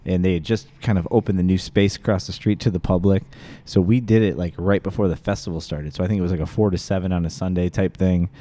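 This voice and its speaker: A man with a deep, dark, relaxed voice hosts a podcast in easygoing conversation. He rambles, laughs, and drops the odd curse word while telling stories. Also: fast, hardly any pauses. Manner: laid-back, swears casually, laughs often. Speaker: podcast host. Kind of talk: casual chat.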